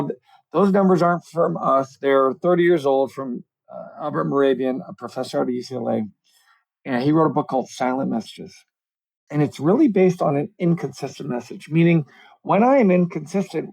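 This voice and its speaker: Over poor audio, a middle-aged communications coach with a fairly high voice and vocal fry is interviewed on a podcast by video call. He comes across as animated and explanatory, with a self-deprecating streak.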